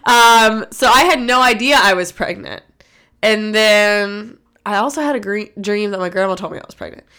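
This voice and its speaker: A woman's voice: mid-range voice, normal speed, pushed and bright, clean tone. A woman in her thirties, a podcast co-host telling stories in casual chat, her voice stuffy from allergies. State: congested from allergies.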